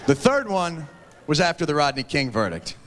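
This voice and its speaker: A man performing a stand-up comedy set, animated and shouting his punchlines. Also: a little high, moderate pace, background noise. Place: large theater stage with audience. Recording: 1990s VHS TV broadcast, hall reverb, laughing crowd. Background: audience laughter.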